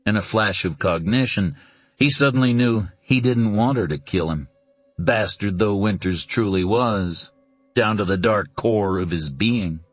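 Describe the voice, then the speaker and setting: A man narrating a suspense novel in a deliberate, dramatic reading. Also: fairly low pitch, no room sound, faint music behind. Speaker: audiobook narrator.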